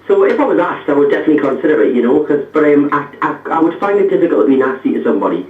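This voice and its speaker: A man's voice: a little high, sing-song, racing, echoey room, far from the mic. Geordie man on a tinny phone line. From North East England. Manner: chatty, friendly, many fillers and restarts. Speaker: pop singer guest. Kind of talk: radio interview by phone.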